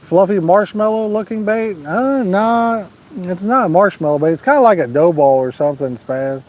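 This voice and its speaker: A man's voice: high-pitched, normal speed, darkish tone. A man hosting a live fishing stream outdoors at night, reading out viewer comments in a folksy, joking, laid-back way. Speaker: fishing channel host.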